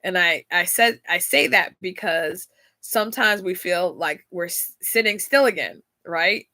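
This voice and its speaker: A woman's voice: on the low side, unhurried, bright, forceful tone, no echo, clean studio sound. A woman hosting a casual faith-based talk, chatty and laughing often as she speaks straight to her listeners. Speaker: podcast host.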